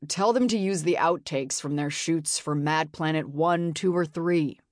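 A woman voicing a weary, laid-back male film star who talks in an easy, relaxed way, as in a read-aloud novel. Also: sits low, measured pace, no room sound, studio quality. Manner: relaxed, easygoing.

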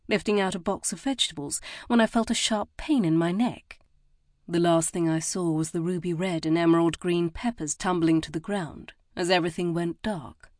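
Low-voiced woman narrating an audiobook. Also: no room sound, studio quality. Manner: measured and expressive. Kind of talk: first-person scripted narration.

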